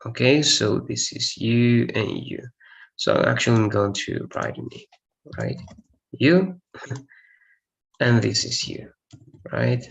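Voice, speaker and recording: This is a man whose first language is Spanish, teaching an English grammar lesson. His mid-range voice carries a gravelly edge. He walks through each point step by step, repeats himself for clarity and often checks in with the class. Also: medium pitch, slow, long pauses. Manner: explains step by step, repeats points, asks "all right?".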